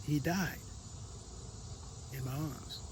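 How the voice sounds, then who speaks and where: A man giving a motivational talk, telling a personal story with emotion, repeating words and dropping to a quiet voice. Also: a little high, drawn-out words, slight background noise, low-quality recording. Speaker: motivational speaker.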